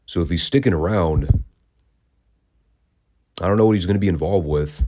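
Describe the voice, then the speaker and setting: Low, mellow-voiced man reviewing wrestling. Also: normal speed. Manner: wry, sarcastic, conversational. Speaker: wrestling podcast host. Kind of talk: casual review commentary.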